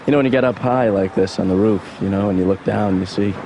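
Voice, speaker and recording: An actor playing an aimless, sarcastic young adult son in a cartoon, with a dry, mumbling, deadpan delivery. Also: male voice, lowish voice, quick pace, slight background noise, lightly acted. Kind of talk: cartoon voice acting.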